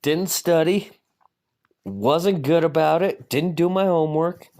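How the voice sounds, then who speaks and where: A man's voice: on the high side, unhurried, a little mellow. A man hosting a podcast alone, ranting casually in a profane, self-mocking way. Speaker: podcast host. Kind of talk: casual rambling monologue.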